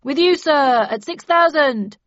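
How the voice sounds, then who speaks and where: A woman's voice: high-pitched, animated, no room sound, pitched above the performer's own voice. A woman putting on a smug, hard-nosed male auctioneer in a storybook reading. He speaks coldly and mockingly, drawing his words out. The recording is dry and a little dull. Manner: cold, mocking, drawn-out.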